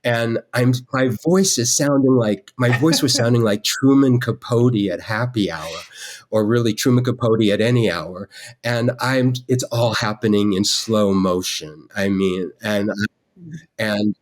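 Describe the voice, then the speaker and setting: A man, a guest artist on a podcast, telling an animated, self-deprecating story with frequent restarts. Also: lowish voice, a little slow.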